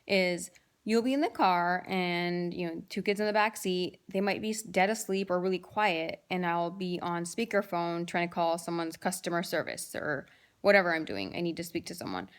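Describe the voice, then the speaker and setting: Woman in her thirties, casual vlog storytelling, amused and rambling, slightly low voice. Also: smooth. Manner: chatty, amused, rambling with many fillers. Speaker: vlogger telling home stories.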